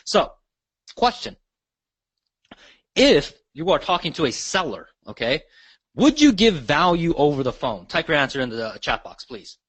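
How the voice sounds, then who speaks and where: A man's voice: on the high side, sing-song, unhurried, long pauses, fairly bright tone, breathy edge, no room sound. A man leading a live online sales training, asking the audience questions and checking in often. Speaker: real estate sales trainer.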